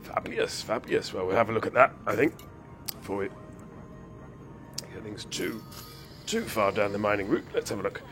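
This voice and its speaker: A man's voice: on the low side, normal speed, pauses often. A man chatting through a game stream, rambling and whimsical, a bit ill and hyper. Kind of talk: casual live-stream commentary. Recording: faint game music behind.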